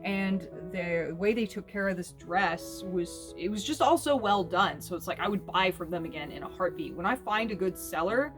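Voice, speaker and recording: A woman chatting casually to camera as a fashion vlogger, animated and snarky, laughing often. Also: on the low side, moderate pace, few pauses, over music.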